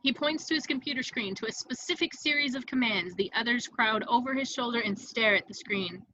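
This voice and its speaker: A woman narrating the stage directions at an amateur table read with a dramatic, expressive delivery. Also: on the high side, fairly quick, dry recording, muffled recording.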